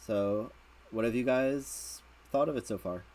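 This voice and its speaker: A man's voice: mid-range voice, a little slow, darkish tone. Laid-back man rambling on a stream. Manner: rambling, repeats words, laughs often. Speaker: streamer host. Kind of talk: casual stream chat.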